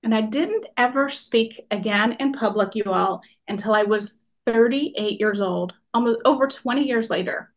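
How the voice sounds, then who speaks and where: Woman, 40s, expressive motivational speaker, slightly high voice. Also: moderate pace, hardly any pauses. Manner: animated, expressive storyteller addressing audience. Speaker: workshop speaker. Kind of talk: personal storytelling talk.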